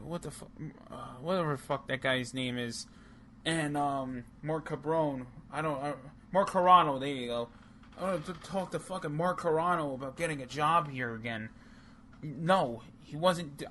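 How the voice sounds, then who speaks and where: A man co-hosting a casual chat show, ranting heatedly with plenty of swearing and restarts. His voice sits a little high. Faint noise hangs behind him. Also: a bit bright. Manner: heated, profane, rambling with restarts. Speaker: podcast co-host.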